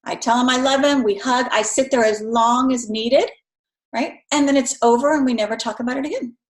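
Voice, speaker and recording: This middle-aged woman instructor speaks briskly in a fairly high voice during a recorded lecture. She's conversational and keeps adding "right?", while the low-quality audio carries the echo of the room.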